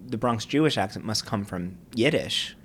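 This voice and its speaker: A man interviewing a guest in a relaxed, chatty way, laughing along easily. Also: lowish voice, normal speed, slight background noise. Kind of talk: casual conversation.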